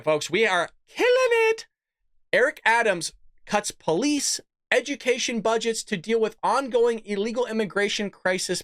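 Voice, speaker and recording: A man's voice: high voice, a bit bright, dry recording. Guy doing a political rant show, sarcastic, keeps laughing, voice jumps up and down a lot, dry close sound. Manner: sarcastic, laughs often while reading. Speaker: political commentary host. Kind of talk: political commentary rant, reading news aloud.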